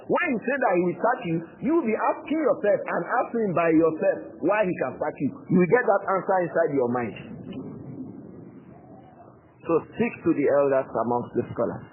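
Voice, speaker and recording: A man's voice: fairly high pitch, very animated, a little fast. A man with a Nigerian Yoruba accent teaching a religious book in a classroom lecture, firing rhetorical questions and repeated prompts at his students. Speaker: Islamic teacher explaining a book. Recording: tinny phone-like audio with faint hiss.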